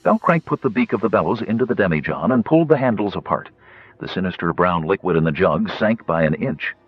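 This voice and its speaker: A man reading an audiobook as narrator, telling the story in an expressive way. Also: low voice, fairly quick, breathy edge, highs cut off, soft background music.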